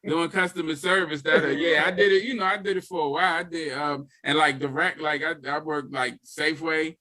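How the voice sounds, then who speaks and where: Bright-voiced laid-back man chatting. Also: fairly high pitch, steady tone, a little fast. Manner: laid-back, laughs often, many fillers. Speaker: podcast host. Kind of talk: casual chat.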